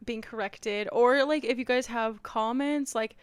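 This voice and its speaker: A woman with a Midwestern American accent co-hosting a podcast, chatting in a relaxed, easygoing way. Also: a little high, unhurried, clean tone, no echo. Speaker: podcast co-host. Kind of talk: casual chat.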